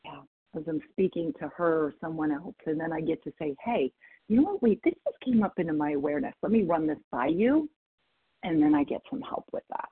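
A woman's voice: sits low, lively intonation, fairly quick, slightly rough. A woman from North Idaho sharing candidly in a recovery meeting over a call, laughing at herself and quoting others. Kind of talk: personal share in a recovery meeting. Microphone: video or phone call. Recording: phone-quality call audio.

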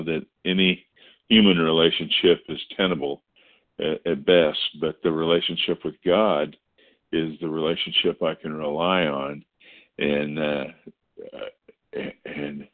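A man from Oklahoma giving a hesitant personal share at a recovery meeting, repeating words and using many fillers. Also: sits low. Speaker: meeting member sharing. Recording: tinny phone-like call audio.

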